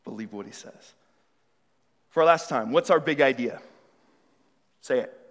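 A male pastor preaching, moving between hushed, searching questions to the congregation and loud, emphatic passages. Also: medium pitch, measured pace. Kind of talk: sermon. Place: church hall. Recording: long reverb of a large hall.

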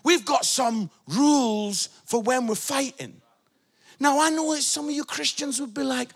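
Man, middle-aged, pastor, sermon, husky, very high voice, animated storytelling. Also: a little slow. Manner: animated storytelling, bursts of shouted emphasis, tags lines with "yeah?".

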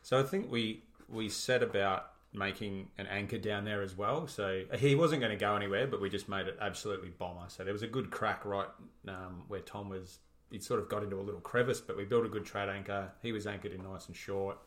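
A man recounting a climbing rescue in casual chat, matter-of-fact and relaxed. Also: on the low side, a little fast. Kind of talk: casual storytelling.

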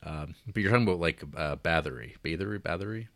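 A man co-hosting a podcast, talking quickly and enthusiastically with lots of restarts. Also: low voice, fairly bright tone, no room sound. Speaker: podcast co-host. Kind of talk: casual chat.

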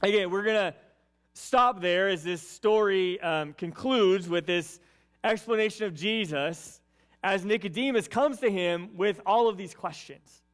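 High-voiced conversational male preacher. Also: a little slow, a bit bright. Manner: conversational, tags lines with "right?" and "okay". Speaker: pastor. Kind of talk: sermon.

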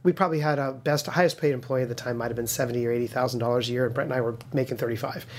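Speaking at a racing clip with a medium-pitched voice, a game studio co-founder tells a story in a casual interview. He's a lively storyteller, acting out quoted voices amid many fillers and restarts.

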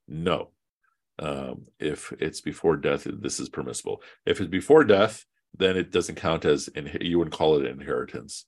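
A man's voice: rumbling low, animated, moderate pace, gravelly, slightly rough. A man teaching an online Quran class in a casual, conversational way, quizzing students and using fillers. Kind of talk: casual online religious lesson.

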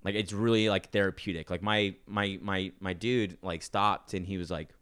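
A young man with a fairly low voice hosts a podcast and chats casually. He wanders through his stories in a loose, easygoing way, leaning on lots of fillers and restarts. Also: steady tone, moderate pace, a bit bright, clear, resonant tone. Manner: rambling, filler-heavy storytelling. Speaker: podcast host. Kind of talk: casual chat.

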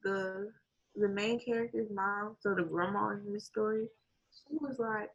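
A woman in casual chat, retelling a story with lively acted-out quotes, swearing and laughing often. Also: mid-range voice, measured pace, low-quality recording. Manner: animated storytelling, acts out quotes.

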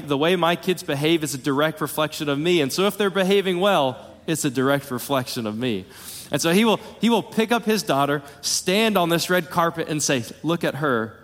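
A man's voice: a little high, a bit bright, big-room sound. A man preaching a sermon in a church, talking earnestly with frequent restarts and repeated words, rising for emphasis. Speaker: pastor. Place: church sanctuary.

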